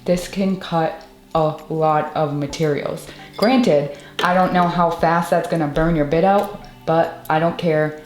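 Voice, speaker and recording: A woman demonstrating a stained glass tool in a casual tutorial vlog, explaining as she works and often gushing with excitement. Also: deep voice, a little slow. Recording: echoey room with faint music.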